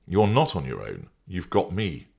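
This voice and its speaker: A man's voice: low voice, very animated, measured pace, vocal fry, a little mellow, husky, voice pushed up, heavily acted. A man voicing an anxious, pleading lover. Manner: pleading, defensive. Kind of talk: audiobook character reading.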